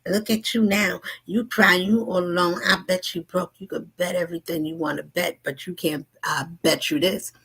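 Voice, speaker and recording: Gravelly, husky woman with a spiritual message. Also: on the low side, fairly even intonation, normal speed, few pauses. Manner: rhythmic, repetitive, shifting between whispers and loud asides. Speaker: spiritual channel host.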